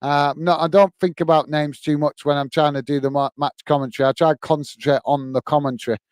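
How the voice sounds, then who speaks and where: A British man with a fairly high, smooth, clear voice runs live fan commentary on a football match. He talks straight to his viewers, calls everyone "mate", and speaks bluntly. The sound is dry and close, with no room around it. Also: flat delivery, quick pace, no room sound. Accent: British English. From England. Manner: calls "mate" often, blunt and chatty, gets openly irritated.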